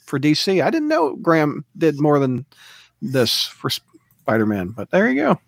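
A man co-hosting a casual podcast, chiming in with questions and quick asides. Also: fairly high pitch, wildly swooping pitch, vocal fry, dry recording, studio quality. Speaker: podcast co-host. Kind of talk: casual chat.

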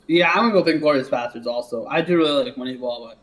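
A man co-hosting a casual movie podcast, agreeable and quick to chime in. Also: medium pitch, a bit bright, rough recording. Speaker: podcast co-host.

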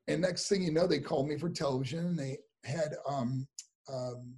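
A man being interviewed, telling animated stories about his past career, with many fillers and acted-out voices. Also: on the high side, normal speed, slightly rough. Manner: animated, acts out voices in anecdotes, frequent fillers. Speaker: interview guest, former wrestler. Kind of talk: casual storytelling.

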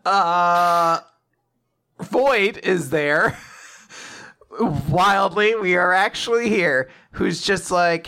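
A young man talks through an anime episode with a friend in casual podcast chat. His voice sits a little high and sounds bright. He keeps jumping into quick character voices as he retells scenes. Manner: animated retelling, acting out lines in quick voices. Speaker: podcast host recapping an anime.

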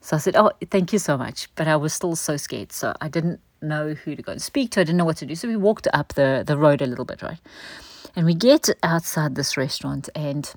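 A woman's voice: deep voice, expressive, brisk, a little mellow, no echo. A woman giving a candid personal testimony, storytelling with frequent "right?" asides. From South Africa. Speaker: church member sharing a testimony.

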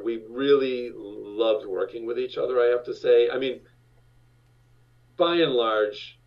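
Older man telling a story, distant and dull. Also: mid-range voice. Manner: rambling, restarts, lively voiced-out quotes. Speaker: actor guest recalling his TV show. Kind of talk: animated anecdotal storytelling.

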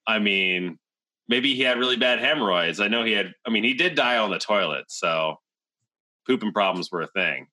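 A man talks in a lively, animated casual chat, his bright voice swinging widely in pitch. He laughs easily as the conversation goes on. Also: normal speed.

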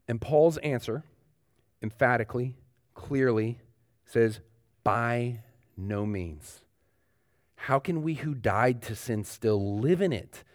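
A man's voice: mid-range voice, slow, pauses often, dry recording. Man preaching with emphatic repetition. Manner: loose, frequent "like" fillers and restarts. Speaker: pastor. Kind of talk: sermon. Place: church sanctuary.

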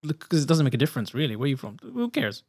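A man from Malta joins a podcast as a guest. He chats in a relaxed, casual way and laughs easily between his points. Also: mid-range voice, fast, slightly rough. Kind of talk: casual chat.

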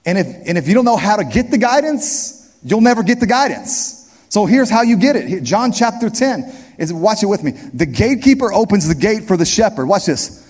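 A man's voice: high voice, very animated, a little fast, a little mellow. A male pastor delivering an emphatic sermon, repeating key phrases and speaking straight to his congregation. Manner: emphatic preaching, repeats key phrases, addresses the crowd directly. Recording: long hall reverb.

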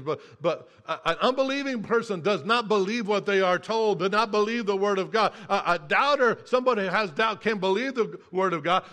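Male pastor, high and bright, preaching earnestly with some restarts. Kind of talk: sermon.

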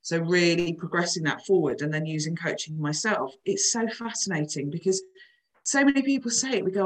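Low-voiced woman in her forties; candid, chatty coach. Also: fairly quick, rough recording. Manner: chatty, frank, lively storytelling. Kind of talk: casual podcast chat.

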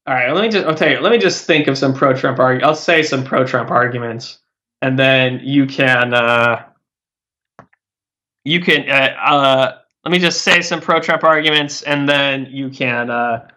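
A man chats casually about politics in a loose, rambling style, packed with "like" and "uh" and frequent sentence restarts. His pitch is medium and his pace measured, with a bright, forceful tone.

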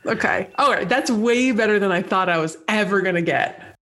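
A woman talks through a trivia round on a casual podcast with her co-host. She is chatty and playful and gushes warmly over the answers she likes. Her voice sits at an ordinary middle pitch. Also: moderate pace. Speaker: podcast co-host, quiz contestant. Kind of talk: casual chat, trivia quiz.

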